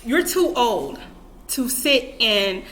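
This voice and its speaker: A woman's voice: a little high, animated, slow pace, fairly bright tone, soft background music. A young adult woman giving casual, emphatic advice to camera in a vlog, repeating her points and talking to herself. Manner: repetitive, emphatic, self-talk asides. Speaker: vlogger.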